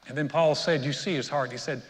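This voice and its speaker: Storytelling pastor in a reverberant church. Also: male voice, fairly high pitch, fairly even intonation, a little fast. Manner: storytelling preacher, builds to emphatic peaks. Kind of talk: sermon. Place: church sanctuary. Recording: long reverb of a church hall.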